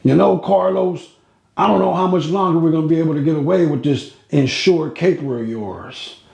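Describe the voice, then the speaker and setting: A man's voice: on the high side, normal speed, a little mellow, pitched above the performer's own voice. A man putting on a cranky old Italian mobster. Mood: irritated. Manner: gruff, cursing, needling. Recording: roomy echo.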